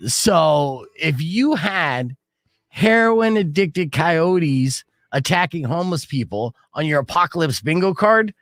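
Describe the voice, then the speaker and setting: Lively, jokey middle-aged male radio host. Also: on the high side, slow, no room sound. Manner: lively, jokey storytelling with dry punchlines. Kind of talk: casual morning-show banter. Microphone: studio mic.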